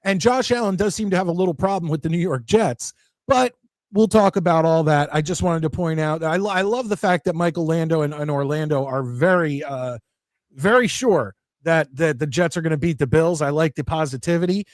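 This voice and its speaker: A man hosting a live sports talk show, chatty and excited, reading viewer comments aloud. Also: a little high, brisk, no room sound. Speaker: host.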